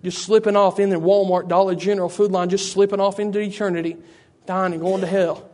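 A man's voice: high voice, flat delivery, brisk, darkish tone. A man preaching a sermon, fervent and repetitive, calling out to listeners by name. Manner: addresses listeners by name, frequent "I tell you".

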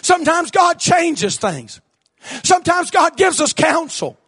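A male preacher delivering a fiery sermon, shouting and repeating his points with emphasis. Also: extremely high pitch, very animated, a little slow.

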